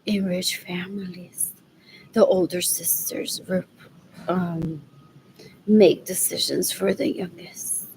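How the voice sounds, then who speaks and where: A woman talking straight to camera in a rambling, agitated way, scornful and quick to insult. Her voice has a gravelly fry to it, and a faint hiss sits underneath. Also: lowish voice, steady tone, a little mellow, rough recording. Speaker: vlogger.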